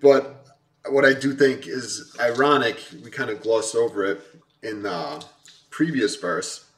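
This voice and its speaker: A man's voice: medium pitch, measured pace, far from the mic, low-quality recording. A man hosting a reaction video, casually explaining song lyrics and reading them out with feeling.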